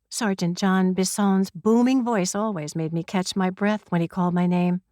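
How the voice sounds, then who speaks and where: A woman's voice: mid-range voice, moderate pace, few pauses, a little mellow, no echo. A woman reading a first-person crime audiobook in a wry, conversational storytelling manner, close to the mic. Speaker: audiobook narrator.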